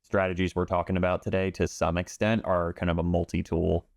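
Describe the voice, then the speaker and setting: Guy explaining breathing stuff slow n calm, very flat low voice. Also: creaky, no echo, studio quality. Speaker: pool instructor. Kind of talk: interview talk.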